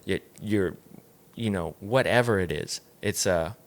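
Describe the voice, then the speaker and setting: A man with a lowish voice talks as a podcast guest in an easygoing chat. He speaks with strong emphasis and swears freely to drive his points home. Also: unhurried. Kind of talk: casual chat.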